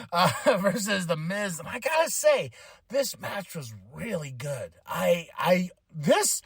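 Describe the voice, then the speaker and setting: High-voiced man recapping wrestling, rambling. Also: slow pace, slightly rough, dry recording. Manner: animated and rambling, with impressions and asides. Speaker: podcast host.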